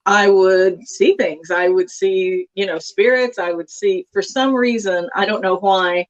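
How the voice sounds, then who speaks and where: Give me a chatty woman from Texas as an interview guest, at a middle pitch, on dull lo-fi audio. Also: steady tone, unhurried. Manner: chatty, many fillers and asides. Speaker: guest author. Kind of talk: casual interview chat.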